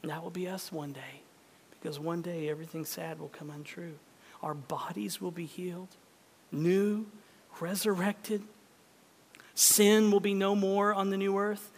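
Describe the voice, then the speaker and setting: A man's voice: sits high, fairly even intonation, a little slow. Preaching man in a reverberant hall. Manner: swings from loud urgent appeals to hushed, near-whispered prayer. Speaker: pastor. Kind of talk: sermon before communion. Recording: long reverb of a large hall.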